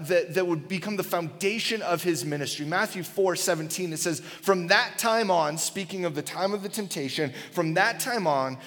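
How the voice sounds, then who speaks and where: A man in his thirties giving a sermon in a church auditorium, casual and animated, telling stories with lots of "like" and "right?". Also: high voice, in a large hall. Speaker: pastor.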